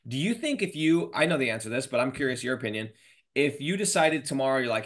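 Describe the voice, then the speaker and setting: Man, 30s, podcast host, video call, energetic, slangy, casual chat. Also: mid-range voice, rapid-fire. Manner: energetic, slangy, says dude and bro.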